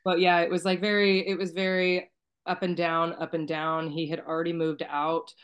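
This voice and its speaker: A woman guest sharing a personal story in a soft-spoken, emotional way, sometimes near tears and trailing off quietly. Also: fairly low pitch, little pitch movement, normal speed, clear, resonant tone. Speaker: podcast guest.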